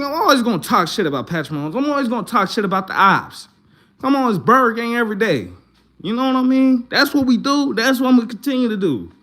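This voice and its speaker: With an extremely high, somewhat bright voice, a man who follows the Eagles unloads in a repetitive, foul-mouthed rant. It's an informal venting session after his team lost, and he's angry and heated.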